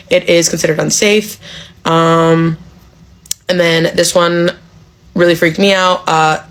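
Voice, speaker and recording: A woman's voice: lowish voice, gravelly, low-quality recording. A woman talking casually to her followers, hesitant and stopping often to say um. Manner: flat, hesitant with many ums. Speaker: social media commenter. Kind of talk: casual vlog.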